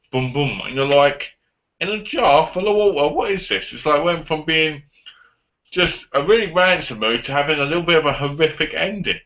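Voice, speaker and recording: A man casually reviewing a film on his vlog, retelling the plot in an animated way and acting out the lines. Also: medium pitch. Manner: animated retelling with acted-out quotes. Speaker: movie reviewer. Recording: dull lo-fi audio.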